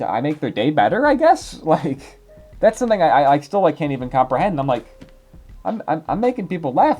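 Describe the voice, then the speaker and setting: Young male YouTuber, chatty and rambling, animated pitch, faint music under him. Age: 20s. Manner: rambling, filler-heavy, chatty. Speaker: YouTuber reading viewer comments. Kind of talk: casual commentary.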